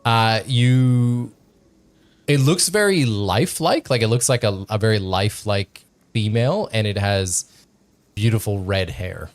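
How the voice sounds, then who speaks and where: A man narrating as game master, halting with many fillers. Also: on the low side, steady tone. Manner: halting, filler-heavy, laughing.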